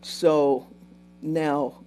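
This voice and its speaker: A woman's voice: low-pitched, fairly even intonation, extremely slow, mellow, soft background music. A woman telling a story on a live stream, wandering off to greet viewers and then picking the thread back up. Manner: meandering, breaks off to greet viewers. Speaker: livestream host retelling visions.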